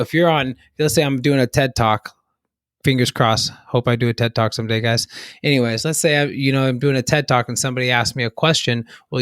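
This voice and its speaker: A man's voice: mid-range voice, fairly bright tone, dry recording. A man co-hosting a casual podcast discussion, talking in a loose, rambling way with frequent restarts and light laughs. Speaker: podcast co-host.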